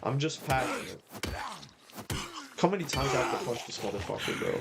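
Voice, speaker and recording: A man's voice: medium pitch, animated, a little fast, very noisy. A man live-streaming a game, ranting and swearing as he talks to his chat. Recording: game music behind.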